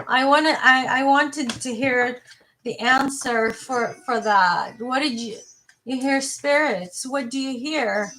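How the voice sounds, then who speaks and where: A woman's voice: high voice, slow, pushed and bright, slight background noise, poor audio. A woman giving a live tarot reading, talking to her viewers in a rambling, playful, casual way and swearing now and then. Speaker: tarot reader.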